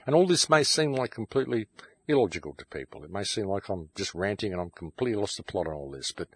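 Male show host, deep husky voice, dry close sound, fired-up rant addressed to "folks". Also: animated, quick pace, no room sound. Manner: ranting, keeps calling listeners "folks". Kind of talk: impassioned monologue. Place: home shed.

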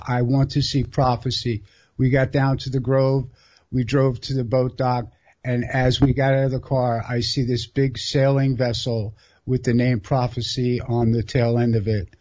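A laid-back man with a mid-pitched voice hosts a talk radio show, chatting easily with his callers. The audio is dull and lo-fi. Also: darkish tone. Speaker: radio host.

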